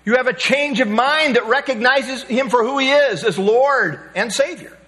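A man's voice: extremely high pitch, moderate pace, pushed and bright. A male pastor preaching a sermon, emphatic and repeating key phrases for weight.

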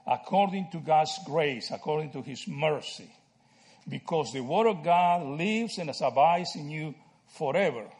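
A man from Argentina teaching a Bible study, animated and checking in with "right?" and "okay?" as he explains. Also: a little high.

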